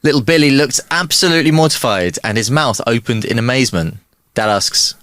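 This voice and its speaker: A man's voice: medium pitch, fairly quick, fairly bright tone, dry recording, studio quality. A man, co-hosting a podcast, reading jokes in a playful, giggly way. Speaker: podcast co-host. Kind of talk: casual chat, reading jokes aloud.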